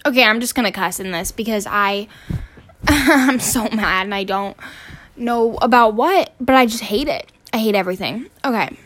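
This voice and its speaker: On her podcast, a teenage student with a fairly bright, high-leaning voice rants at normal speed in a casual, exasperated way, swearing, rambling, and restarting as she goes.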